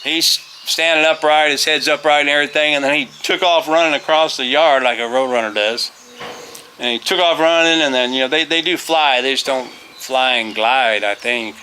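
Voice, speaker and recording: A man's voice: a little high, moderate pace, pushed and bright, a little hiss or hum. A middle-aged man, a former teacher, telling a rambling, folksy story outdoors on a farm, full of fillers and restarts. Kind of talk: casual storytelling.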